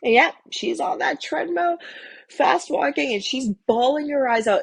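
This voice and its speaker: A woman's voice: high-pitched, expressive, a little slow, gravelly, no room sound. A middle-aged woman and lifestyle coach giving a candid, motivational talk to camera, addressing the viewer directly and swearing casually.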